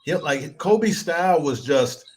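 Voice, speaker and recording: A man co-hosting a podcast in casual sports chat, making wry, drawn-out jabs. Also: on the high side, lively intonation. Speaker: podcast co-host.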